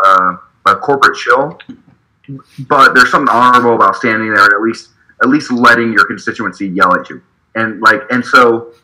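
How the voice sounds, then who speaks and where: Man, from Utah, very bright forceful voice, profane, heated, stumbling restarts, video call. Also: mid-range voice, low-quality recording. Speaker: activist guest, state party delegate. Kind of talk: casual political discussion on a video call.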